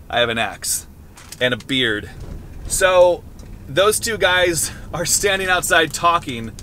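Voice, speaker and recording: A man's voice: high voice, bright, forceful tone, a little hiss or hum. A man in his thirties vlogging casually to a handheld camera from his car, rambling and joking. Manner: rambling, playful, jokey.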